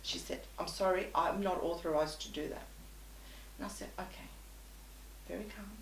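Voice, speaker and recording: A woman's voice: lowish voice, steady tone, normal speed, recorded from a distance, background noise. A woman guest telling an anecdote in conversation, animatedly acting out both sides of the dialogue. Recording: echoey room.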